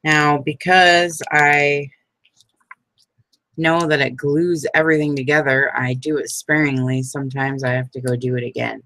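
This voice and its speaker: A woman's voice: sits low, steady tone, a little slow, fairly bright tone. A middle-aged woman chatting casually as she makes crafts, rambling, laughing often and poking fun at herself. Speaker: craft vlogger. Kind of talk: casual chat while crafting.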